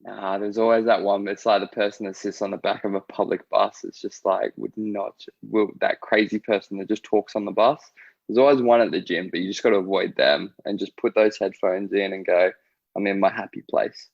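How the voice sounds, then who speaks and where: A man co-hosting a casual podcast chat in an easygoing, chatty way with many pauses and little laughs. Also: on the low side, steady tone, vocal fry, dry recording, muffled recording. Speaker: podcast co-host.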